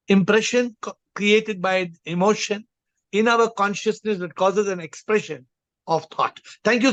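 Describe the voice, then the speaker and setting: A man's voice: high voice, fairly bright tone, no echo, highs cut off. A man leading an online group call as a spiritual teacher, explaining emphatically and repeating his phrasing. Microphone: video call.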